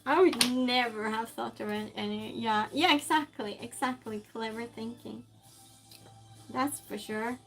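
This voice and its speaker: A woman's voice: on the high side, fairly even intonation, unhurried, fairly bright tone, soft background music. A woman streamer chatting casually while she cooks, reading viewer comments aloud and answering them with frequent laughs. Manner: laughs often, teases the chat. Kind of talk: casual chat while cooking.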